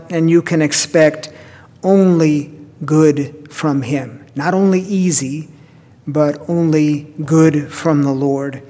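A man preaching a sermon in a slightly higher voice, earnest and deliberate, softening to a hushed tone on the prayer lines. His words ring out with a long reverb, as in a church. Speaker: pastor.

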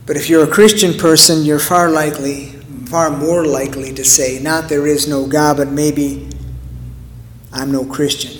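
A man preaching a sermon in an earnest way, with rhetorical questions and dramatic pauses. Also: on the high side, little pitch movement, long reverb tail, slight background noise. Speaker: pastor.

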